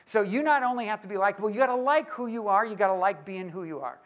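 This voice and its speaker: High-voiced man joking with a crowd. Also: fast talker. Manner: lively and joking, teases the audience. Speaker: speaker at a church leaders' conference. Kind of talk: live talk to an audience.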